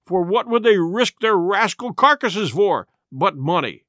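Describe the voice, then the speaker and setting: A man's voice: high voice, lively intonation, unhurried, sharp tone, no echo, clean studio sound, full character voice. A man voicing a hot-headed, exclamatory older squire in a storybook reading. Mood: indignant. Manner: exclamatory, blustering.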